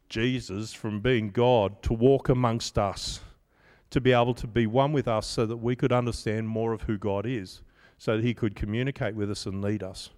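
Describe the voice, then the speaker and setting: A man's voice: mid-range voice, darkish tone, long reverb tail. A man giving a conversational sermon as pastor, telling stories with self-deprecating humor.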